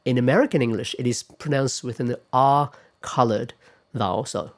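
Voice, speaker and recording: A man giving a pronunciation lecture, speaking deliberately and repeating example words several times to demonstrate them. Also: medium pitch.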